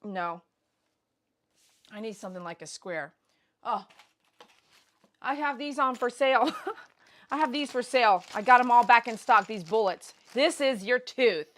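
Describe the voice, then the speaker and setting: A woman hosting a casual livestream, telling a story in an animated, blunt, slangy way with loud bursts. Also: on the high side, a little slow, long pauses. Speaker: pet groomer host. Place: grooming shop.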